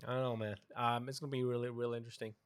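A man's voice: mid-range voice, level tone, rapid-fire, smooth, no room sound. A young man in casual podcast chat, telling stories animatedly, swearing and mimicking his mother.

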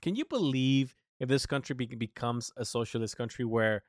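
This US podcast host speaks at medium pitch and normal speed, with clean studio audio and no echo. His casual talk turns into an animated rant full of profanity and frequent restarts.

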